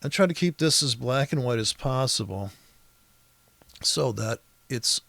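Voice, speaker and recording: A man's voice: medium pitch, animated, measured pace, vocal fry, pushed and bright, dry recording. A man walking through a trading chart in a profane, exasperated, rambling rant. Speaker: trading educator. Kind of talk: profane ranting chart walkthrough.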